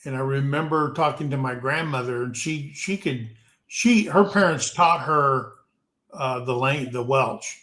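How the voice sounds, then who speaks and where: A man's voice: mid-range voice, a little slow, a bit bright. A man from the United States hosting a casual live-stream chat, rambling along with plenty of ums and restarts. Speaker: show host. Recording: roomy echo.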